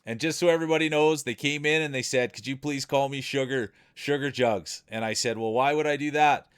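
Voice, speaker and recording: A man's voice: medium pitch, brisk, smooth. A man with a Canadian accent giving chatty play-by-play commentary on a live stream. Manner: chatty play-by-play with frequent laughs.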